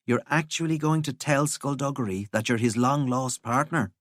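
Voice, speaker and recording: An earnest, hesitant teenage boy, as a narrator puts him on, slightly lifted in pitch. He speaks plainly and with some doubt. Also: normal speed, no echo, clean studio sound, close to an everyday voice. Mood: wary.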